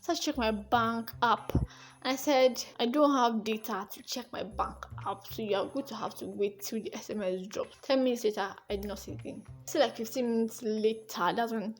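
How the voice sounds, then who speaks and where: A young woman with a Nigerian accent tells a story to her camera in a casual, chatty way. Her voice sits a little high, and she slips into the voices of the people she describes as she goes. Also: normal speed, faint music behind. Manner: lively, acts out the dialogue she recalls. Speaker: vlogger.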